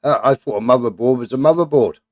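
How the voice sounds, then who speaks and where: A man's voice: medium pitch, fast, dry recording. A man hosting a casual live chat, rambling and swearing as he talks.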